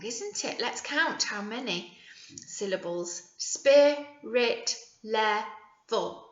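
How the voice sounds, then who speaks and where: English lady teacher doing phonics for little kids, bright lively voice, slow, echoey dull recording. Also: medium pitch, slight background noise. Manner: slow, sing-song, exaggerated word sounding for small children. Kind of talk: early years phonics lesson.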